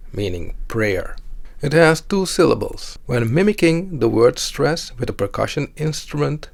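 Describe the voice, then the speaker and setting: A man delivers a scripted language lesson, explaining each point deliberately. His voice carries a gravelly edge, and the recording sounds dry and close. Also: medium pitch, dry recording. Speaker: language teacher.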